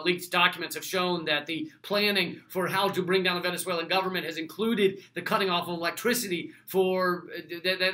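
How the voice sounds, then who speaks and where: A man hosting a casual show, answering viewer questions in a wry, sarcastic way with quick restarts and asides. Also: sits high, bright, forceful tone. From United States. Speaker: host.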